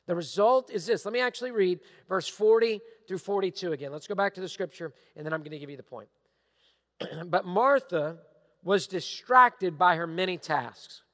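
A middle-aged male pastor giving a sermon, emphatic and repetitive, sometimes dropping into hushed asides. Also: high-pitched, normal speed. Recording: long hall reverb.

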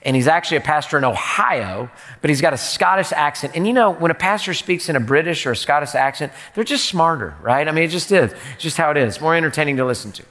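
A man's voice: a little high, expressive, quick pace, hardly any pauses, a bit bright. Male pastor in a reverberant hall. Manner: rhetorical, repeats questions. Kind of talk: sermon. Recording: long reverb in a large hall.

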